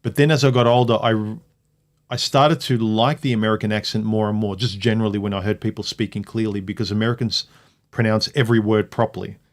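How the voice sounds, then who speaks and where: A man's voice: fairly low pitch, flat delivery, quick pace. A man hosting a casual livestream chat, reading viewer comments aloud and reacting to them. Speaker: livestream host.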